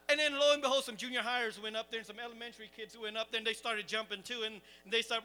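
A man preaching, telling a lively, self-mocking camping story to his congregation. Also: extremely high pitch, fast talker, smooth, soft background music. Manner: animated, self-deprecating storyteller. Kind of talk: storytelling sermon.

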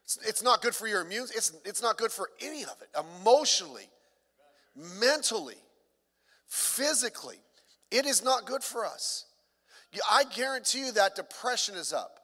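A man's voice: high voice, sing-song, normal speed, bright, forceful tone, in a large hall. A middle-aged man, a pastor, preaching a sermon in a conversational way with joking asides.

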